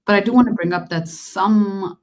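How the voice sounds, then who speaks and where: A woman's voice: mid-range voice, moderate pace. Woman co-host, mid-range voice, relays chat questions, a bit hesitant. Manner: hesitant, with fillers. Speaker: live show host. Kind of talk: reading out viewer questions.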